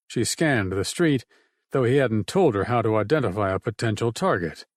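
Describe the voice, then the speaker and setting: A man reading an audiobook in a steady, measured narration. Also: on the low side, dry recording, clean studio sound. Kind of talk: scripted narration.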